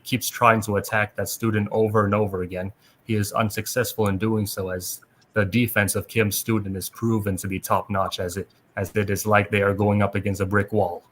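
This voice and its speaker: Low, flat-voiced man reading a recap. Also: slight background noise. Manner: steady read-aloud narration with small restarts. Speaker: podcast host. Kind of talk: reading a plot recap aloud.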